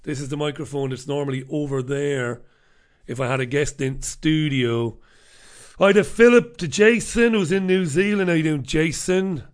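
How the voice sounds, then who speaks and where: Talking into a desk mic in a small studio, an Irish live streamer with a higher voice chats with his viewers at a moderate pace, wandering off on tangents and mocking himself.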